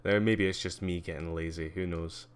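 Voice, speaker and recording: Male streamer, very low pitch, smooth resonant tone, loose and chatty with frequent fillers and dry asides. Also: steady tone, moderate pace. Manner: rambling, many ums and uhs, wry asides. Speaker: livestreamer. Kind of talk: casual live-stream commentary giving a tour.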